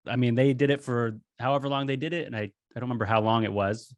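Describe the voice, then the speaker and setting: A man hosting a podcast, asking loose, relaxed questions with restarts. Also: medium pitch, quick pace, no echo. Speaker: podcast host. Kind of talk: casual podcast chat.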